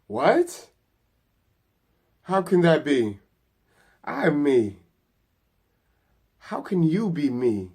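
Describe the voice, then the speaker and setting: A man voicing a lost male soul adrift in darkness, frightened and yelling questions. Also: on the high side, slow pace, voice pushed up. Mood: bewildered.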